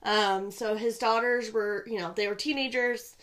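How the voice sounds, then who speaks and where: A young woman co-hosting a podcast in casual chat, rambling with lots of "like" and swinging between excited bursts and quiet asides. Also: a little high, moderate pace. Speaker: podcast co-host.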